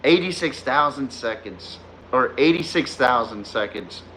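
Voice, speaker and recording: On a live-streamed sports podcast, a male host rants heatedly and profanely, trash-talking chat commenters and often laughing at his own jabs. His medium-pitched voice is expressive, bright and forceful, unhurried in pace, with a little hiss or hum on the recording.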